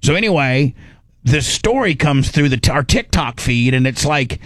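A man's voice: mid-range voice, animated, normal speed, a bit bright, dry recording. A middle-aged man hosting a radio talk show, casually telling a story and acting out his own panicked inner voice. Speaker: radio host.

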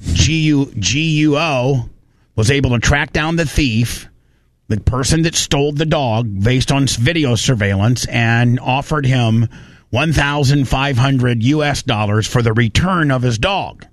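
A man's voice: medium pitch, unhurried, no room sound. A man hosting a casual chat, reacting to videos and retelling stories with lots of restarts. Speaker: host.

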